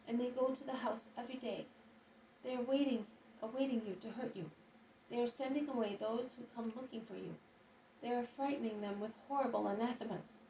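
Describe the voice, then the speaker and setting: A woman's voice: on the high side, warm tone, slight background noise, voice pushed up, close to an everyday voice. A woman voicing an alarmed young male disciple who talks urgently, in exclamations, in a roomy recording from a distant mic.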